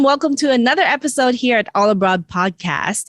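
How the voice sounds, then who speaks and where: A bubbly woman host chats casually on her podcast, laughing often. Her voice is a touch high, recorded dry and close. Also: expressive, normal speed, few pauses, fairly bright tone, no echo.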